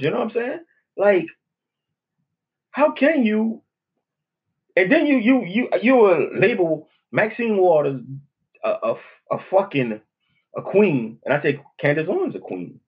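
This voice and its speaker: A man's voice: medium pitch, husky, lo-fi sound. A man with a New Orleans accent, hosting a podcast as a casual, profane monologue, blunt and rambling with frequent "you know what I'm saying". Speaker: podcast host.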